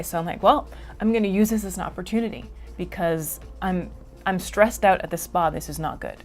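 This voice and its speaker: A woman from Canada speaks in a somewhat low voice as an interview guest. She talks casually and animatedly, laughing often and acting out her own reactions. Faint music plays behind her. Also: fairly quick, darkish tone. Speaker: guest emotions teacher.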